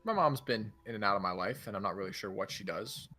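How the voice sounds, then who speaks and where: Male player in a tabletop game; bright, animated, hesitant delivery. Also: lowish voice, fast talker, a little hiss or hum. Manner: hesitant, fillers, self-correcting. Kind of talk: tabletop role-play in character.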